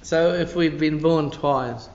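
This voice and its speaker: Here the pastor speaks slowly in a slightly high, darkish voice during a midweek church-hall teaching. Asides and frequent "you know"s fill his emphatic, chatty delivery, and the audio is dull with church echo.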